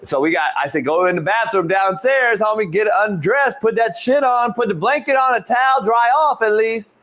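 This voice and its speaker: Male podcast host, high-pitched, animated storyteller, casual swearing. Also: normal speed. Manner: animated storyteller, swears freely, says "homie" a lot. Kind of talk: casual chat.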